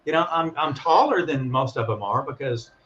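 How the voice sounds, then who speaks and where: A man casually telling a story on a call, animated and acting out the voices of the people in it. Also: mid-range voice, moderate pace, dull audio, slight background noise. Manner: animated, acts out voices in his stories. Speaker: guest calling in.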